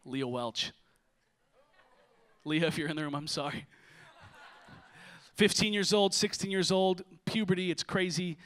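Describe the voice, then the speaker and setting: A man's voice: high-pitched, a little slow, long pauses. A young adult man preaching a sermon to a church congregation, telling funny stories before turning to scripture. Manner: lively, joking storyteller who shifts to preaching. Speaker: pastor. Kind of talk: sermon with storytelling.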